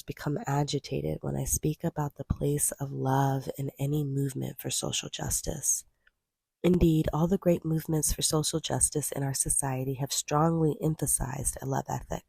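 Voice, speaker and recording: A woman reading a nonfiction book aloud in a measured, even way. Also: low-pitched, gravelly, breathy edge, dry recording. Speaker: audiobook reader.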